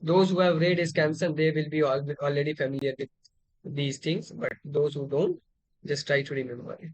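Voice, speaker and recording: A man gives an exam-prep literature lecture, his voice fairly high. He explains each term patiently, circling back with fillers and restarts. The recording is dry and close, with no room sound. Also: moderate pace, no room sound. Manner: explanatory, repeats key terms, many fillers and restarts. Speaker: literature teacher.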